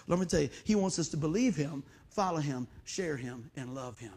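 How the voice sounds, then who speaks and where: A man's voice: high-pitched, fairly quick, few pauses, a little mellow. A man preaching a folksy sermon, telling a childhood story with sound effects and acted-out voices.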